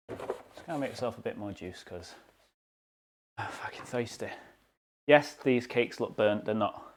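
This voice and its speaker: A man's voice: fairly low pitch, moderate pace, pauses often, slight background noise. A young British man streaming live from his home kitchen, chatting casually and joking at his own expense while he bakes. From United Kingdom. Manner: chatty, joking, self-deprecating.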